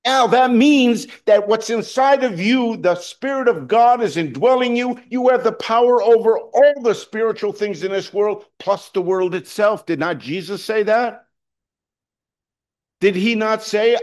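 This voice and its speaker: A man's voice: high-pitched, measured pace. Man preaching a conversational sermon. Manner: conversational preaching, rising to loud emphasis, with fillers and restarts. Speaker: pastor.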